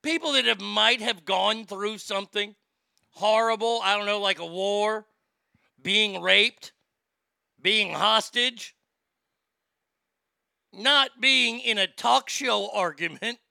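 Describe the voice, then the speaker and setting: Profane male commentator, bright cutting tone, incredulous. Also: sits high, slow pace, creaky, pauses often, dry recording, clean studio sound. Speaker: commentary host. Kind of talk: ranting news commentary.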